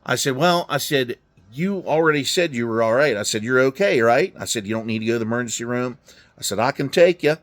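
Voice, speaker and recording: A middle-aged trucker spins a profane, blunt yarn in a garage at a car event, voicing both people in the dialogue. He speaks briskly in a mid-range, slightly bright voice with lively intonation.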